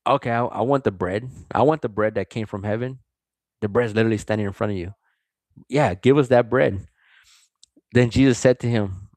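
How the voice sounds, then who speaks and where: A man reading Bible verses slowly and then commenting on them in a loose, casual way, full of likes and restarts. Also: lowish voice, darkish tone, dry recording. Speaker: Bible study vlogger.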